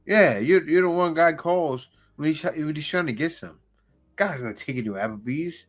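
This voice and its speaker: A man's voice: on the high side, normal speed. A man hosting a reaction video, giving blunt, joking commentary and laughing often. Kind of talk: casual commentary.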